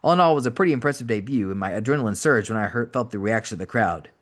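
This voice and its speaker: Brisk man reading an audiobook. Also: mid-range voice, animated. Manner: brisk, wry first-person reading. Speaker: podcast host reading an audiobook. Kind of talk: audiobook narration.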